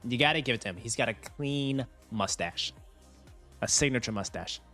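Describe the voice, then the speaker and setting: Chatting casually with viewers on his finance livestream, a young man stays animated and laughs frequently. His voice is mid-range at a moderate pace, with faint music behind him.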